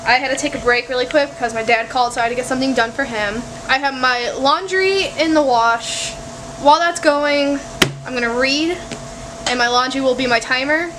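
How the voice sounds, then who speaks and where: At home indoors, a young book vlogger chats casually in a reading vlog, her voice sitting high and brisk. She's candid and exasperated, swearing freely, with a faint air conditioner hum in the background.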